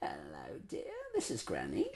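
A man's voice: wildly swooping pitch, moderate pace, creaky, slight background noise, heavily acted. A man putting on a rock-star granny. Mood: doting. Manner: quavery granny voice breaking into shouted high singing. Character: sweet old granny who wants to be a rock star.

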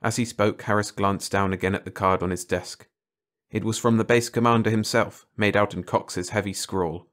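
A man with a low voice reads a short story aloud, steady and measured. His delivery is unhurried and clear, suited to bedtime listening. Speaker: audiobook narrator. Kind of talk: scripted narration.

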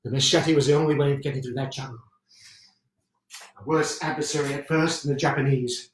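An actor in a one-man show playing an intense, excitable British WWII general, performing a theatrical solo stage monologue and repeating phrases for emphasis. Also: mid-range voice, a little fast, a little hiss or hum, close to an everyday voice. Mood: zealous. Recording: roomy sound from a distant mic.

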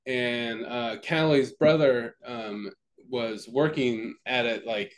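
A man's voice: mid-range voice, takes it slowly, slight background noise. Young male podcast co-host; loose, profane storyteller, heavy on fillers and restarts. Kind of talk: casual chat.

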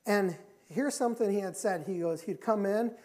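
A middle-aged man preaching a sermon in a church. He talks emphatically, repeats his key phrases, and moves between loud and quiet passages. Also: high voice, normal speed. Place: church sanctuary.

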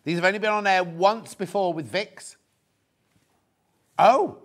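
A man's voice: sits high, measured pace. A man presenting fabrics on a live shopping show, chatty and effusive, thinking aloud as he goes. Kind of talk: live product demonstration.

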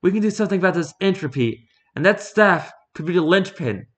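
A man's voice: high-pitched, lively intonation, fairly quick, a bit bright, voice pushed up. A man voicing a tough female agent who speaks with urgent, pleading insistence. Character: fierce female agent, woman in middle age.

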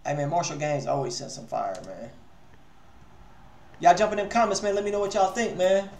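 A man's voice: on the high side, moderate pace, vocal fry, darkish tone. A man hosting a live music review stream, talking loosely in slang and swearing freely. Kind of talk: casual livestream chat. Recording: echoey room.

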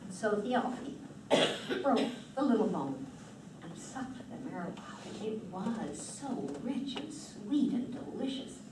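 A woman telling a myth to an audience, with expressive, dramatic delivery. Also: medium pitch, slow, background noise. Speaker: storyteller. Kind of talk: storytelling performance. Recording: roomy distant hall mic.

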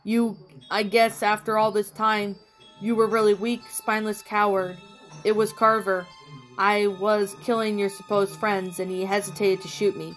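A cruel older man, dying but still gloating, sneers at his foes in a quick, contemptuous voice, as a woman reads his lines. Soft music sits underneath. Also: mid-range voice, little pitch movement, natural voice.

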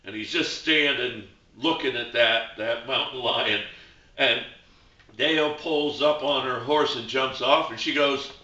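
A man's voice: mid-range voice, measured pace, pushed and bright, lo-fi sound. Older man telling rambling jokes, roomy echo. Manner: rambling, joking storyteller who corrects himself. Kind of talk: casual promo chat and storytelling. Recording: roomy echo, mic at a distance.

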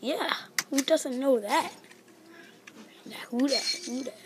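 A woman giving chatty, excitable let's-play commentary in a library, sometimes dropping to a whisper. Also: high voice, takes it slowly, noisy background. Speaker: gaming video host. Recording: loud keyboard clatter in background. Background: keyboard typing and clicks.

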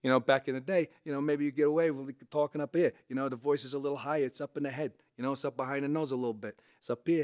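A man with a resonant voice, a comedian casually teaching impressions to camera, animated and conversational. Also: medium pitch, quick pace, hardly any pauses. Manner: animated, conversational, frequent "right?" asides. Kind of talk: casual instructional talk to camera.

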